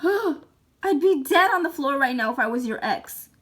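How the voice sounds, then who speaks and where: A woman doing a squeaky bossy mother. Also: animated, a little slow, background noise. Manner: squeaky, domineering, mocking. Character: loud bossy teasing mother of a teen boy. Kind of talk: toy-figure video skit.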